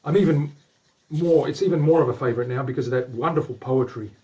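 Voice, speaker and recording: A man hosting a casual workshop stream, chatting to viewers and a helper as he works. His volume swings between loud, excited bursts and quiet mumbles to himself. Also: mid-range voice, quick pace. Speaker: guitar builder hosting a livestream. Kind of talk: casual workshop chat while working.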